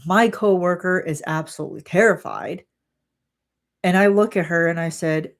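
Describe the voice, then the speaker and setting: Young woman streamer ranting about work stuff, acts out the dialogue, lowish voice. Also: moderate pace. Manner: animated, exasperated retelling with quoted dialogue. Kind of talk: livestream chat storytelling.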